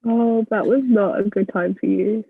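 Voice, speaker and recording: Husky young Australian woman on a tinny line. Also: medium pitch, fairly even intonation, normal speed, no room sound. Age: young adult. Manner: teasing, laughing often. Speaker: podcast guest. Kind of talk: casual chat. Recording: tinny phone-like call line.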